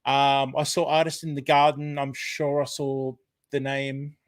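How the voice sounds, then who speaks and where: A man with an Australian accent hosting a casual live stream, rambling warmly through greetings with lots of ums. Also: mid-range voice, level tone, unhurried, no echo. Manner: chatty, rambling, full of fillers, greeting viewers by name. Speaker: livestream host. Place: home room at a computer. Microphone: desk microphone.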